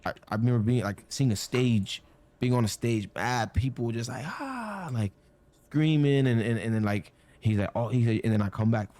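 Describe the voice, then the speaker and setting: A man's voice: mid-range voice, steady tone, moderate pace, mellow. A young man telling a personal story casually, rambling with many fillers and acting out the quoted lines. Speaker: storyteller guest.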